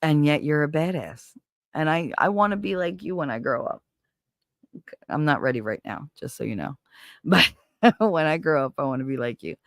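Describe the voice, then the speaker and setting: A man's voice: fairly high pitch, moderate pace, no room sound, studio quality. A man hosting a casual live stream, talking bluntly and animatedly with plenty of swearing. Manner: blunt, profane, animated storyteller. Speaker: livestream host. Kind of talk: casual chat to a live audience.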